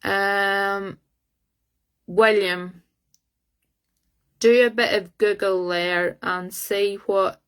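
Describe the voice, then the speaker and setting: Flat-toned woman doing a live reading. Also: medium pitch, clean tone. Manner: halting, searching for words aloud. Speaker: psychic medium. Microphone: phone.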